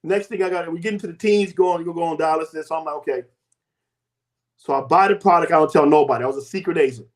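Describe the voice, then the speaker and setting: A man in his fifties, a guest giving a lively personal testimony and acting out the people in it. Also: a little high, quick pace. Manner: animated storytelling, acts out quoted voices.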